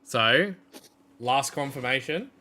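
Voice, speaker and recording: A man narrating a tabletop role-playing game as game master, unhurried and hesitant, with pauses and fillers. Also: mid-range voice, animated, sharp tone.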